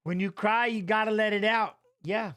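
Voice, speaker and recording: A man with a notably high voice gives loose, live commentary while watching fights. He rambles, talks straight to the viewers in chat, and gets openly emotional about the action. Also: fairly even intonation, moderate pace, bright, forceful tone, clean tone.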